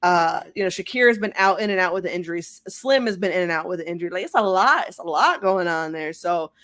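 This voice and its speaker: A woman's voice: on the low side, lively intonation, fast, a bit bright. A woman working as a sports journalist, speaking as a guest in a casual interview over a video call. She is candid and talkative and laughs easily.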